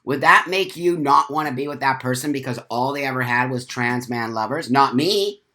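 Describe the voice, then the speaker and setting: A man's voice: medium pitch, moderate pace, sharp tone. A man hosting a casual morning livestream, reading viewer comments aloud and answering each viewer by name with firm opinions. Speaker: live stream host. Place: at home with coffee. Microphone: webcam or phone for live video.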